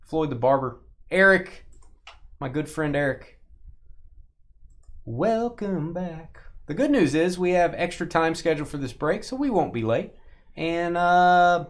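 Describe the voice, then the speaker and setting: A man's voice: fairly high pitch, expressive, measured pace, pauses often. A man hosting a live sports card break stream, chatting and joking with viewers and greeting them by name. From Texas.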